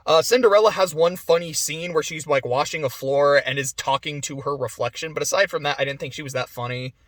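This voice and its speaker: Man, high voice, casual rambling movie review, dry close sound, laughs a lot. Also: brisk, no room sound. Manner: rambling, chatty, laughs often, frequent fillers and restarts.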